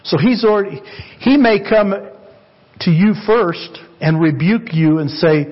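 Man, sermon, earnest, repeats himself, unhurried delivery, muffled recording. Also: sits high. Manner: earnest, repeats phrases, asks the congregation for amens. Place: church sanctuary.

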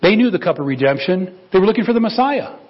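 A man preaching in an easygoing, animated way, his voice sitting a bit high for a man. The recording is dull and lo-fi, with the top end rolled off. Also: fast talker, breathy edge. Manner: animated, acts out biblical dialogue in quoted voices. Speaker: pastor. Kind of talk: conversational sermon.

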